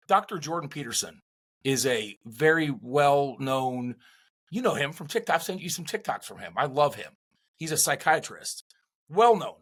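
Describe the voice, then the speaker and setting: Husky-voiced middle-aged podcast co-host, slightly high, rambling with restarts. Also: male voice. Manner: animated, rambling with many restarts. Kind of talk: casual chat.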